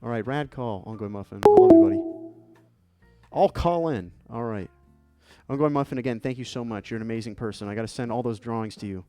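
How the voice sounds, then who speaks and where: A man's voice: mid-range voice, brisk, mellow, no echo, faint music behind. A man hosting a live stream, opening fan mail and chatting in a playful, joking, thankful way. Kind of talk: casual live-stream chat.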